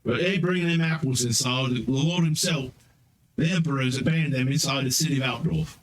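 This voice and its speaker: A man's voice: a little fast, poor audio. A man running a tabletop fantasy game as game master, narrating casually and rambling as he describes the scene. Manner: casual, rambling, jumps into high-pitched voices for characters.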